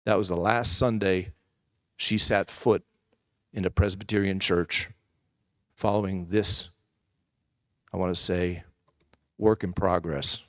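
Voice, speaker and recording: A man's voice: low voice, fairly even intonation, slow, long pauses, no echo, studio quality. A man preaching a sermon as a personal testimony, telling his story candidly and conversationally with asides to the congregation. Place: church.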